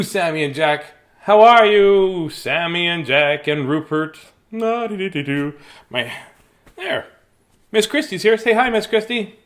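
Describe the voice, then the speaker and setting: Male host, fairly high and very lively voice, playful live-stream chat, greets viewers by name. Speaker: host reading bedtime stories to kids.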